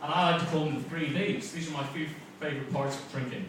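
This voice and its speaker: A young man from Northern Ireland with a softened Northern Irish accent, doing a chatty, self-mocking stand-up set and bantering with the crowd. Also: fairly high pitch, steady tone, fast. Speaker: stand-up comedian. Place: comedy club, live room. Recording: echoey club from far off, noisy.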